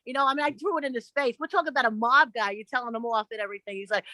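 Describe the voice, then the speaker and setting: Bright, blunt New woman. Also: on the high side, rapid-fire, no echo, rough recording. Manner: blunt, profane and animated, acting out the voices of others in her stories. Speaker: interview guest. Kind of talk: casual interview storytelling.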